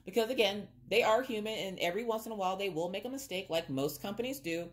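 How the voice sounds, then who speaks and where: A woman's voice: medium pitch, quick pace. A woman vlogger, chatting casually and expressively to viewers while unboxing craft kits.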